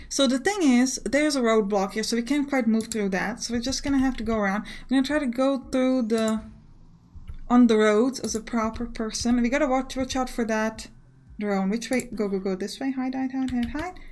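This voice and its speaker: A woman's voice: fairly high pitch, moderate pace, a little mellow. A woman hosting a let's play, chatting casually and urging herself on with a self-mocking tone. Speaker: gaming video host.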